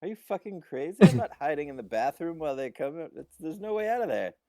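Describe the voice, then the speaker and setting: A man's voice: on the high side, big pitch swings, fast, warm tone, no room sound, pitched above the performer's own voice. A man voicing a foul-mouthed, incredulous young woman in a tabletop game. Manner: incredulous, profane.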